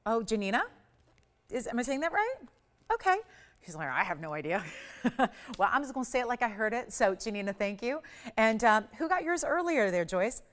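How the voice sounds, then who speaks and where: Woman doing a shopping channel pitch live, gushy, says really really a lot, tv studio. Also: big pitch swings, brisk, fairly bright tone. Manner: gushing, chatty, repeats words for emphasis. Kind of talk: live on-air sales pitch. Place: television studio.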